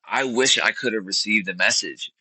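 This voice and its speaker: A man in his thirties speaks low and earnest, often reaching for the right words as he recounts his story in an interview. His voice is deep yet sharply bright, and the recording is close and dry. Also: moderate pace, slightly rough, dry recording, poor audio. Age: 30s. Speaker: podcast guest.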